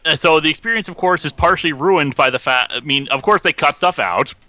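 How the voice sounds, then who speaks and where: Man, very bright sharp tone, dry close sound, earnest guest. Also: a little high, a little fast, dry recording. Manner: earnest, analytical film talk. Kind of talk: casual chat.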